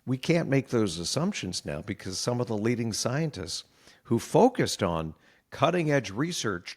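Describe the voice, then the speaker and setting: A middle-aged meteorologist in a conversational interview, explaining earnestly and sounding worried. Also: male voice, mid-range voice, sing-song, normal speed. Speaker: meteorologist guest.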